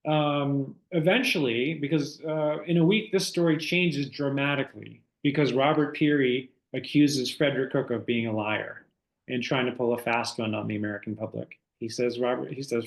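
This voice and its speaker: A man's voice: medium pitch, reverberant, rough recording. A man, an author, giving a conversational online book talk, telling history as a story with frequent fillers.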